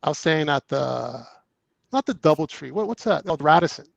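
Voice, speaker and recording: A man's voice: on the high side, lively intonation, brisk, gravelly, no echo, dull audio. A man, an actor guest, telling anecdotes in casual storytelling, acting out both sides of conversations and laughing often.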